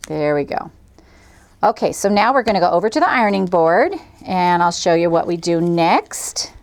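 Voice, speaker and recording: A woman's voice: lowish voice, animated, moderate pace. A middle-aged woman hosting a quilting tutorial, chatting cheerfully and folksily as she demonstrates each step. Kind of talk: friendly craft demonstration.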